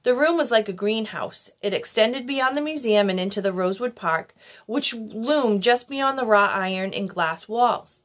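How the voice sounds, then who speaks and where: A woman reads a children's novel aloud as a storyteller. Her voice sits fairly high and rises and falls in lively, animated swings. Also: moderate pace. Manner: expressive, animated. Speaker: audiobook reader. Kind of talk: storybook narration.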